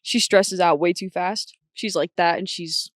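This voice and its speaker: A woman's voice: lowish voice, steady tone, a little slow, dry recording, clean studio sound. A young woman guest on a podcast, talking bluntly and chattily, often quoting herself. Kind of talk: casual chat.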